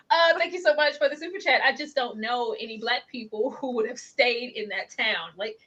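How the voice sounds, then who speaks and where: Lively high-voiced woman laughing through a review. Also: moderate pace, dull audio. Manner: animated, laughs often, acts out characters. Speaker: co-host of a TV review show. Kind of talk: casual review chat.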